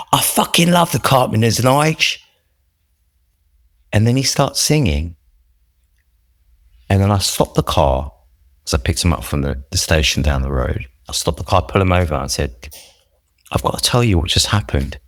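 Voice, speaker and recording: Deep-voiced guy rambling through his recovery story, earnest and reflective, dry close sound. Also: no room sound. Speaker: podcast guest.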